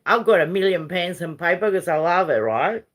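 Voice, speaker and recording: A woman's voice: fairly low pitch, animated, moderate pace. An older woman from Uruguay with a Uruguayan Spanish accent, Spanish her first language, chatting and ranting in a rambling way to her camera, sprinkled with Aussie slang and mild swearing. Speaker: vlogger. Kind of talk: casual rambling rant.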